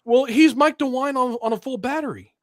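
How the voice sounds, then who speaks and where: A man's voice: very high-pitched, brisk, dry recording. A man hosting a political talk show, ranting in a blunt, heated way with many restarts. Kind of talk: casual opinionated commentary.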